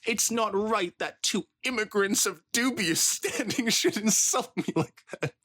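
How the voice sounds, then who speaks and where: A man's voice: sits high, measured pace, pushed and bright, breathy edge, pitched above the performer's own voice, full character voice. A man voicing a snobbish, wealthy middle-aged mare pony in a dramatic fanfiction reading, in a haughty, affected way.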